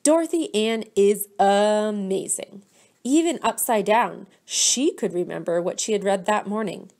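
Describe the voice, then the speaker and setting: A woman teacher reads a picture book aloud to young children. She reads slowly and gently in an even middle voice, stopping to ask the children questions. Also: medium pitch. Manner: slow, gentle, pauses to quiz children.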